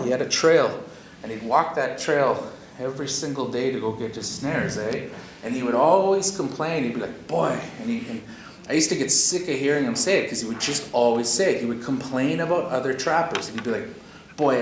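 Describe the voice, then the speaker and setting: A man from Canada leading a workshop, telling stories in a folksy, conversational way with a lot of "eh?" and "you know?". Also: mid-range voice. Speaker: workshop facilitator. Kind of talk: storytelling in a workshop talk. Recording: echoey room with audible noise.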